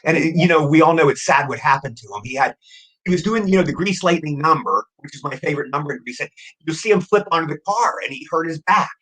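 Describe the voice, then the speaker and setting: A man in his sixties, an actor appearing as a guest in a casual interview, rattles off rapid, excitable anecdotes, frequently repeating words. His voice is on the high side, and the audio quality is poor.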